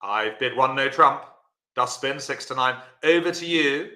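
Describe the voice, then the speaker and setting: A man's voice: medium pitch, unhurried, sharp tone, reverberant. A man teaching a live-streamed bridge lesson, chatty and encouraging, answering viewers by name.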